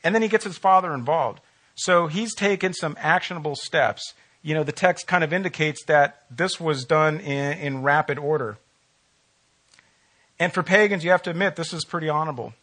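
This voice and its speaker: A man preaching a sermon as a pastor, talking to his congregation in a relaxed, conversational way and often asking them questions. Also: a little high, normal speed.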